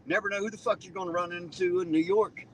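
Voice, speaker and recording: A man's voice: high-pitched, fairly even intonation, quick pace, slightly rough. Southern man spinning folksy tall tales. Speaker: channel host. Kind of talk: casual chat, storytelling. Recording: distant mic with noisy outdoor background.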